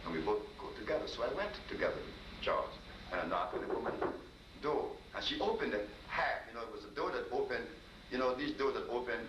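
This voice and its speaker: A man, a healer, tells stories to a live audience in a lively, conversational way, talking straight to his listeners. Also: mid-range voice, brisk. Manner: animated, conversational storytelling with asides to listeners. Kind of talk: storytelling talk to a live audience. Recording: roomy, distant mic with noise.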